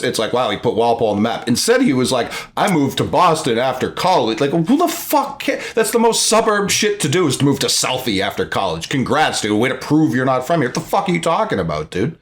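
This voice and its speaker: A man's voice: medium pitch, sing-song, fast talker, few pauses. A man co-hosting a sports podcast, mocking and swearing in a casual rant. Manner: mocking, profane. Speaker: podcast co-host.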